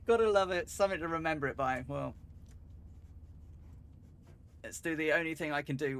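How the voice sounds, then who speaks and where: A man talks a flight-sim stream through live, chatty and rueful. He laughs off his own mishaps as he goes. His voice sits a little high for a man. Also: moderate pace, long pauses, a bit bright, clean tone. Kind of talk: live game stream commentary.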